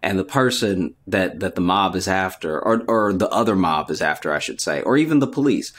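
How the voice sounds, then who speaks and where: A man's voice: low voice, lively intonation, brisk, a bit bright. A man co-hosting a podcast in casual chat, laid-back and playful, often murmuring along as the other host talks.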